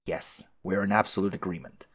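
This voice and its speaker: A man voicing a stiff, formal, muscular teenage boy troll aristocrat who speaks quietly and precisely. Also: deep voice, fairly even intonation, brisk, breathy edge, no echo.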